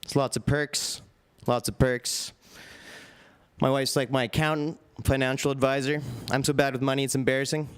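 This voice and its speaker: A young man with a mid-pitched, ordinary voice does stand-up in a comedy club. His delivery is dry and deadpan, spoken into a handheld stage mic. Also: normal speed, smooth.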